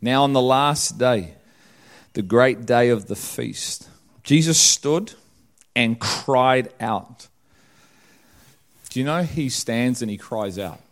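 A man preaching a sermon, recounting a vision calmly at first, then building to loud, drawn-out preaching. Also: mid-range voice. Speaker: pastor.

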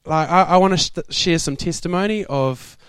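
Animated New man telling a sermon story. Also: a little high, normal speed, clear, resonant tone, dry recording. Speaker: preacher.

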